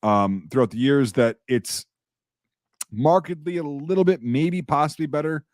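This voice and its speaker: A man's voice: a little high, moderate pace, a little mellow, no echo, studio quality. A man in casual chat as a podcast host, rambling and profane, with many restarts and fillers.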